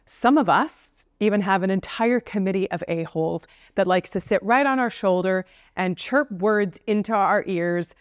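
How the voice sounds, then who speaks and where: Woman counsellor, mid pitch, dry close sound, playful chatty delivery. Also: normal speed, few pauses, smooth, no echo. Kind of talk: casual advice talk to camera.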